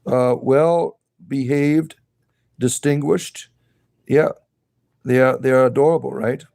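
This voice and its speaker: A man's voice: medium pitch, slow pace, gravelly, pauses often, a little mellow. Man cooing at his pet rabbits. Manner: coos and talks to his pets in a playful, rising baby-talk voice. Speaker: live streamer. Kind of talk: casual live stream chat.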